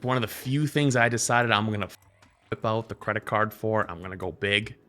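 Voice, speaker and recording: A man streaming live, chatting casually with his viewers and telling stories in an animated way, jumping into other people's voices. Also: on the low side, fairly quick, soft background music.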